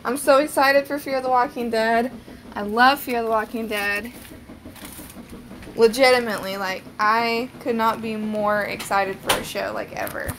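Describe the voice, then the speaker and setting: A woman's voice: fairly high pitch, steady tone, unhurried, a bit bright, slight background noise. A young woman hosting a casual live stream from home on her phone, rambling and chatty with lots of "like" fillers.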